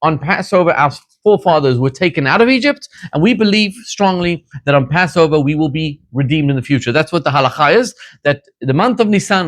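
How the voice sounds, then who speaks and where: A rabbi addresses a small gathered group in an informal class, his voice sitting a little higher than most men's. He talks in a loose, storytelling way, circling back with restarts and asides. The sound is dry, with little room around it. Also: no room sound. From Zimbabwe. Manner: conversational storytelling with frequent restarts and "you know".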